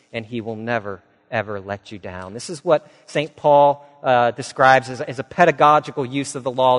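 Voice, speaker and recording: A male pastor preaching a sermon in a conversational, storytelling way with touches of humor and casual fillers. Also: medium pitch. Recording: long reverb of a large hall.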